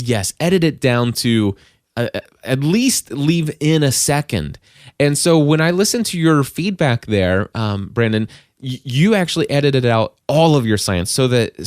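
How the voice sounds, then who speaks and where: A man's voice: medium pitch, no echo, studio quality. A middle-aged man hosting a podcast, giving casual advice in a rambling way, with frequent restarts and bursts of emphasis. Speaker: podcast host and coach.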